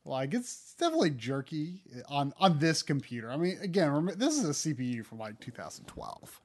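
Male streamer, animated delivery with a wide pitch range, laughs easily while playing. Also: fairly quick. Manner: chatty, laughs often, animated. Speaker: streamer playing a retro game. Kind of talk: casual live-stream chat.

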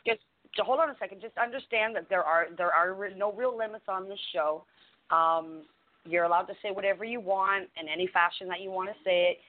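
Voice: medium pitch, brisk. A radio host speaking bluntly and reassuringly in casual talk, repeating phrases. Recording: tinny phone line.

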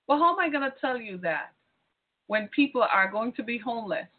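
A woman's voice: on the high side, animated. Indignant woman ranting over tinny audio. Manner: indignant, rapid rhetorical questions, repeats phrases. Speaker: vlogger. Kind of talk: impassioned personal commentary.

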